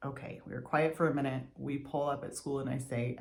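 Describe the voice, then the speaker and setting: A woman's voice: a bass voice, steady tone, fairly quick, vocal fry, hardly any pauses, darkish tone. Reflective woman in her forties. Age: 40s. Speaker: vlogger. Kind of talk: reflective personal monologue.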